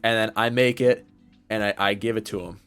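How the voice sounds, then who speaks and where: A man's voice: lowish voice, fairly even intonation, a little fast, fairly bright tone, smooth, faint music behind. A young man co-hosting a podcast, telling a story in casual chat, full of fillers and swearing. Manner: rambling storyteller, swears freely, many fillers. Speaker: podcast co-host.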